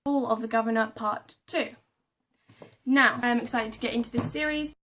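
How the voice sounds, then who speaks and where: There's slight background noise as a young woman with a fairly high, fairly bright voice talks at a moderate pace. She's a book vlogger casually discussing a haul of books, reading blurbs out loud and tripping over names and tricky words.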